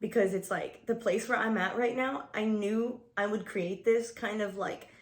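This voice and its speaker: A woman's voice: medium pitch, steady tone, moderate pace. A woman in her twenties vlogging a casual get-ready-with-me chat, rambling and swearing, saying "like" a lot and laughing often.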